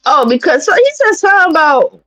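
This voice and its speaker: A woman from New York City hosting a livestream, talking in a blunt, profane and animated way as she gives her commentary. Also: high-pitched, brisk, dry recording, faint music behind, low-quality recording. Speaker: streamer host.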